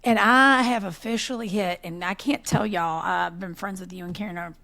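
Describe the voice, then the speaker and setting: A woman in her forties co-hosting a podcast, telling animated stories in casual chat and laughing often. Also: medium pitch, moderate pace. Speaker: podcast co-host.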